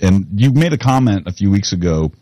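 A man's voice: lowish voice, fairly quick, no echo. A man hosting a podcast in casual chat, often restarting his sentences. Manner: animated, self-interrupting. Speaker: podcast host.

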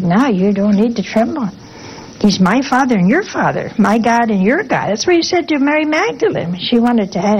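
A woman's voice: medium pitch, darkish tone, slight background noise, low-quality recording. Folksy older woman preaching. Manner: folksy, asks rhetorical questions with a teasing "huh?". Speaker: religious sister giving a talk. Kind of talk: informal sermon.

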